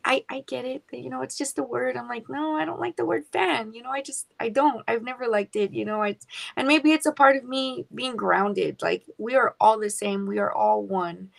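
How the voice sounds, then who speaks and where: Gravelly-voiced chatty woman. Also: on the high side, fairly even intonation, normal speed. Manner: chatty, warm laughter, mixes in Spanish words. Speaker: singer-songwriter guest. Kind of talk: casual radio interview.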